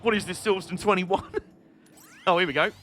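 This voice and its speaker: A British man giving casual gameplay commentary with a rambling, irreverent sense of humour. His voice sits a little higher than most men's. Faint game music plays underneath. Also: moderate pace, a bit bright. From Britain. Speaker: game streamer.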